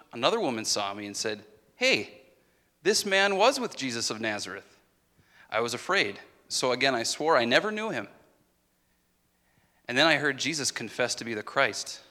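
A man's voice: mid-range voice, sharp tone. A man delivering a dramatic first-person monologue as a disciple, anguished and confessional. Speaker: actor in a Passion monologue. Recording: reverberant hall.

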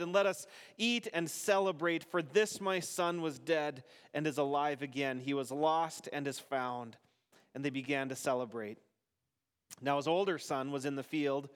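A man leading a service as pastor, reading scripture aloud to a congregation in an unhurried way. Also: on the high side, a bit bright, smooth. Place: church sanctuary. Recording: long reverb of a church hall.

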